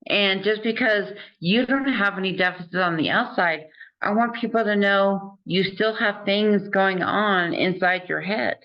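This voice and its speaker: Woman host, earnest and encouraging, slow careful speech, muffled lo-fi sound. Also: mid-range voice. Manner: earnest and encouraging, laughs often. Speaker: interview host. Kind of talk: casual conversation.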